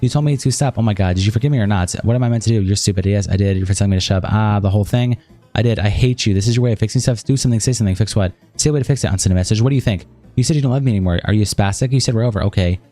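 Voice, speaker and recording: A man rattles through a chat log at breakneck speed, hardly slowing between messages. His voice sits low with a dark, mellow tone, and soft music plays underneath. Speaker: streamer reading a document aloud. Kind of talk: rapid reading aloud of a chat log.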